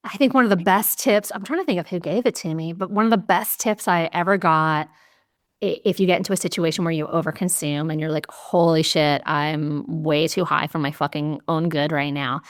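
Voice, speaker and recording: A woman hosting a podcast, telling stories in a candid, animated way and swearing casually. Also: fairly low pitch, moderate pace. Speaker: podcast host. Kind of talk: casual conversational interview.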